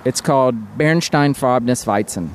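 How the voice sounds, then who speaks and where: A man's voice: mid-range voice, measured pace. A man speaking as a brewery guest in a casual podcast conversation, easygoing and hesitant, with many fillers.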